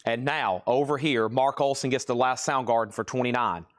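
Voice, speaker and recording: A man hosting a live-stream vinyl sale, calling bids in quick auctioneer patter and cracking jokes between items. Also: mid-range voice. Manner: rapid auctioneer chanting, joking asides. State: sweaty and restless, pacing.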